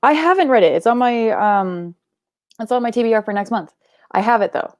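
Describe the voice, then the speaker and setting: A woman's voice: fairly high pitch, expressive, fairly quick, no room sound, clean studio sound. A young woman hosting a live book club stream, chatting casually with lots of likes and ums and the odd swear word. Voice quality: creaky. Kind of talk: casual livestream chat reading comments.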